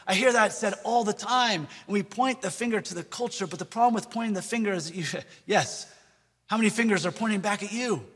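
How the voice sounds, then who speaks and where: High-voiced man preaching in a hall. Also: fairly quick, a bit bright, slightly rough. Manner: earnest, rhetorical questions and repeated phrases. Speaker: pastor. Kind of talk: sermon.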